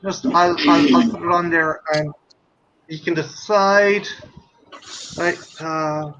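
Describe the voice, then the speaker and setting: An Irish man in casual stream chat, talking quickly and swearing heavily. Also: on the high side, steady tone, fairly bright tone. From Ireland. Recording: dull lo-fi mic with faint hiss.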